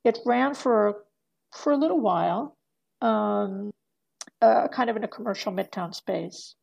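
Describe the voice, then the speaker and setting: A woman's voice: mid-range voice, measured pace, creaky, a little mellow, highs cut off. A middle-aged woman talking as a podcast guest, rambling through many fillers and restarts and laughing often. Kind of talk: casual podcast conversation.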